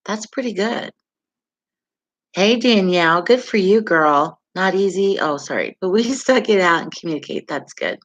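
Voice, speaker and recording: A woman's voice: mid-range voice, expressive, normal speed, highs cut off. A middle-aged woman hosting a casual astrology live stream, chatting with viewers, reacting to their comments and laughing often. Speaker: livestream astrology host.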